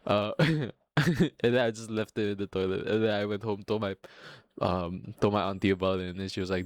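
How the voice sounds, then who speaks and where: A man's voice: on the low side, fairly even intonation, brisk, dry recording. Young man telling a profane story, laughing. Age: young adult. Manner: laughing often, profane, rambling with restarts. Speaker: podcast host. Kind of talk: casual storytelling monologue.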